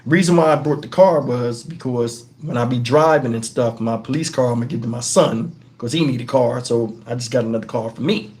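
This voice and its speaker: A middle-aged man with a drawl tells a story straight to the camera, loose and profane. He talks in an animated way, breaks off for asides and keeps checking that the listener is following. His voice sits at an ordinary male pitch. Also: a little fast, few pauses. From Texas, USA. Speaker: channel host.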